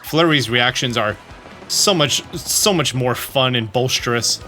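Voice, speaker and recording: A man's voice: mid-range voice, a little slow, pushed and bright, soft background music. A young man giving joking, rambling gameplay commentary as a let's play host.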